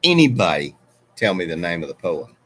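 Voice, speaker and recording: Fairly quick and low-pitched, with a fairly bright tone and big pitch swings, a middle-aged host rambles through viewer comments on a casual livestream. He keeps interrupting himself and wandering off on tangents.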